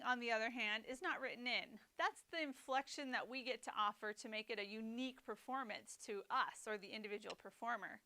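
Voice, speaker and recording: A woman with a bright, crisp voice, pitched a little high, teaching snare drum technique. She explains rhythms and phrasing step by step, clearly and methodically. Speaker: percussion teacher. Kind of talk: instructional lesson.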